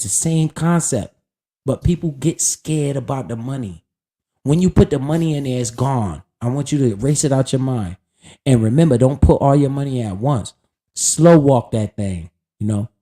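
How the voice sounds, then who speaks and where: A man's voice: medium pitch, mellow. A man streaming live, casually talking about investing in a profane, hyped and preachy way.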